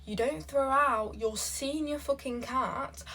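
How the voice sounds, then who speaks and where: A young woman hosting a reaction video, chatting casually and reading posts aloud in a brash, sassy, foul-mouthed way with quick bursts. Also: high voice, bright, forceful tone.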